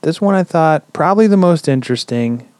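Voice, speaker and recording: A man hosting a podcast, telling a story in a relaxed, chatty way with lots of "um"s and casual swearing. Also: on the high side, fairly quick, no echo. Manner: relaxed, swears freely, many "um"s. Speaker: podcast host.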